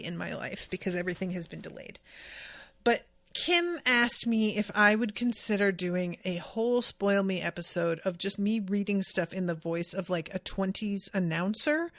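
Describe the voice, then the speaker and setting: A woman's voice: mid-range voice, a bit bright, dry recording, studio quality. A woman podcast host in casual chat, recapping an anime episode in a rambling way, full of asides and fillers.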